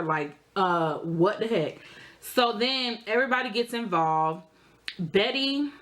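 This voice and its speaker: A young adult woman, telling a story in a casual, animated way while eating, her voice jumping high for emphasis. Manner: animated, expressive storytelling with sudden high jumps in pitch. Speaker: vlogger.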